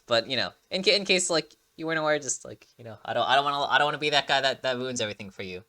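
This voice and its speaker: Reacting casually to a game trailer, a man rattles on in rapid-fire, medium-pitched speech. He's excitable and rambling, full of fillers and restarts, and sounds like he just rolled out of bed.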